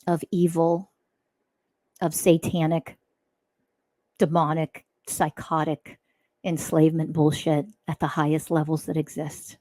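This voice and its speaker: A woman's voice: sits low, dark tone, no echo. Woman, podcast host, blunt, profane, mocking, dry sound. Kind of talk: spiritual podcast monologue.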